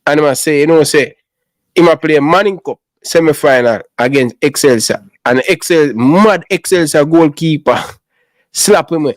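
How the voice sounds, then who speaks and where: A man's voice: on the high side, normal speed, no room sound. Jamaican man telling a story in patois. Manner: storytelling in patois, repeats himself. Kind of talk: casual chat.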